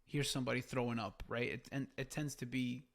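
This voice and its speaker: A man's voice: medium pitch, level tone, a little fast, gravelly. A man co-hosting a podcast, recapping a show in a rambling, casual way with lots of fillers. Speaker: podcast co-host. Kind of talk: casual review chat.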